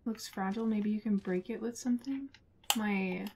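A young woman streaming a horror game live, excitable, swearing and laughing often. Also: medium pitch, normal speed, a little hiss or hum. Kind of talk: live gameplay commentary.

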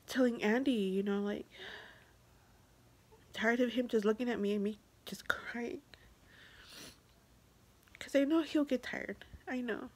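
Through tears, a young vlogger shares an emotional confession in a slightly high, slightly mellow voice, stumbling, repeating herself, and often fading to a whisper.

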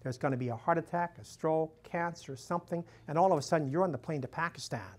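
A man's voice: a little high, fast talker. Chatty storytelling man giving a talk. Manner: chatty, storytelling, acts out quoted dialogue in a raised voice, frequent "you know". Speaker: missionary priest giving a talk. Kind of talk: conversational lecture to a live audience. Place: room with a live audience.

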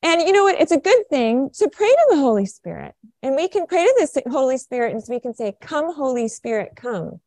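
Lady pastor w a high voice talking to kids in church, dry close sound, easy and coaxing. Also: big pitch swings, a little fast, hardly any pauses, dry recording. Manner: bright, coaxing, speaks simply to children. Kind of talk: children's sermon, then sermon. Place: church sanctuary.

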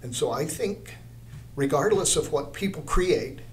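A man's voice: fairly high pitch, animated, a little slow. An older man, an art teacher, telling a story in an interview, rambling, with many restarts.

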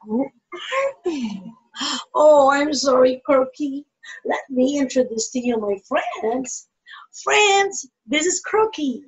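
A woman preschool teacher talking in a bright, exaggerated sing-song way to young children. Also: high-pitched, slow pace, rough recording. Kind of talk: playful lesson for young children.

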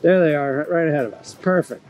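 A man with a notably high voice gives excited commentary out on the water. He keeps exclaiming and cheering, then breaks into instructive tips on fishing technique, all spoken from a small boat outdoors. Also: fairly quick, faint music behind, poor audio. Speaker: fishing video host.

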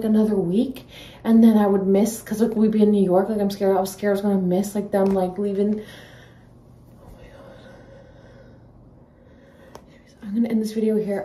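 A woman vlogging from her garden, excitable and out of breath, talking in a rush full of "like" and sometimes dropping to hushed whispers. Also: medium pitch, a little hiss or hum, poor audio. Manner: excitable and emotional, lots of "like"; drops to hushed whispers near the nest. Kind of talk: casual vlog to camera. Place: outdoors in a home garden and deck.

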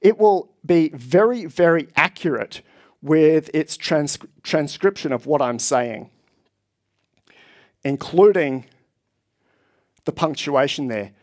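A man's voice: on the high side, lively intonation, slow pace, pauses often. A man presenting at a tech conference, explaining with enthusiasm to a live audience. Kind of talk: conference talk. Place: conference hall.

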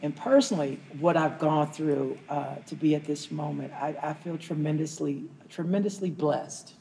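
A woman's voice: low-pitched, normal speed, vocal fry, warm tone, a little hiss or hum, rough recording. A woman on a panel speaking in a reflective, grateful way. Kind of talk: panel discussion.

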